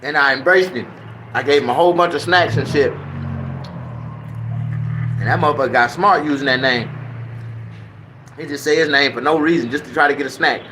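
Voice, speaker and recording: A man telling a crude, animated, slang-heavy anecdote in a casual, profane style. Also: medium pitch, brisk, pauses often, noisy background. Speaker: comedic storyteller.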